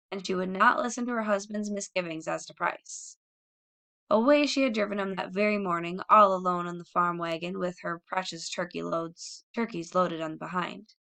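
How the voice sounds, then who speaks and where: Woman audiobook narrator, bright tone, steady storytelling pace. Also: medium pitch. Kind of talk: scripted narration.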